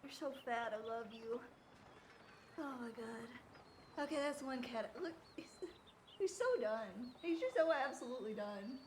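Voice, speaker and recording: A woman livestreaming a role-play game, chatting casually and excitably, swearing freely as she goes. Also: on the high side, measured pace, a little hiss or hum, rough recording.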